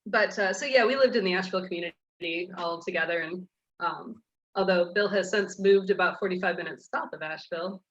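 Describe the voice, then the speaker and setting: A woman with a bright, crisp voice joins as a guest over a remote call, wry and laughing as she chimes in. The call audio is dull and lo-fi, with faint noise behind her. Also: fairly low pitch, brisk. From United States. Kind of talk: casual interview chat.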